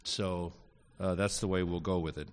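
A man with a fairly low voice lectures on Greek grammar to a class. He speaks haltingly, filling pauses with fillers and slipping in wry asides. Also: fairly even intonation. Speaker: Greek teacher.

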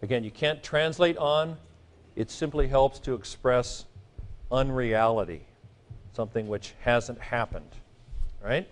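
A man's voice: mid-range voice, measured pace, pauses often. A middle-aged man teaching a Greek grammar class, lecturing in a chatty way with joking asides and frequent checks with his students.

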